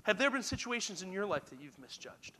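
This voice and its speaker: Bright-voiced young man telling stories. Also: high voice, brisk. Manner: animated, self-deprecating storytelling that speaks straight to the listeners. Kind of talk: storytelling sermon.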